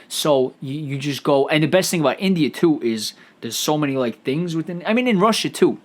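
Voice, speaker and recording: A man hosting a solo comedic podcast, riffing out loud in a profane, stammering ramble. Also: fairly high pitch, lively intonation, fairly quick, few pauses. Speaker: podcast host.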